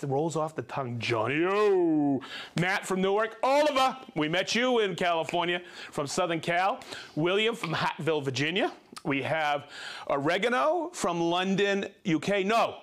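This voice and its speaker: A man hosting a livestream, reading out viewer shout-outs in a playful, jokey way and laughing easily. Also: high voice. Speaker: host.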